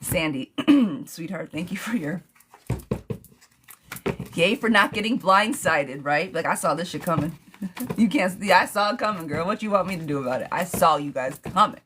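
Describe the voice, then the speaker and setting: A woman doing a live tarot reading for viewers, answering them in a playful, gossipy way. Her voice sits on the low side and she calls everyone darling or girl. A faint background noise runs under the recording. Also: lively intonation, normal speed. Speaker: tarot reader.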